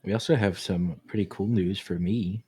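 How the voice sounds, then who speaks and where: A man's voice: low voice, steady tone, moderate pace, a little mellow, slightly rough. A young man co-hosting a podcast, teasing his friends in a laid-back way. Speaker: podcast co-host. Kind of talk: casual chat.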